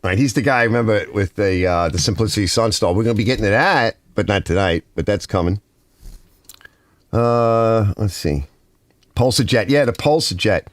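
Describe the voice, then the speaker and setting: A man's voice: on the low side, normal speed, dry recording. A man with a Northern US accent hosting a casual garage livestream, rambling and reading viewer comments aloud.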